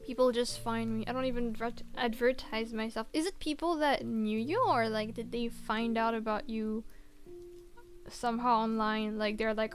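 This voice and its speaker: A woman's voice: on the high side, steady tone, moderate pace, faint music behind. A woman streamer chatting casually while she works, reading out viewers' messages and answering them encouragingly. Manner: soft-spoken, reads chat aloud, encouraging. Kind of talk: casual chat while working.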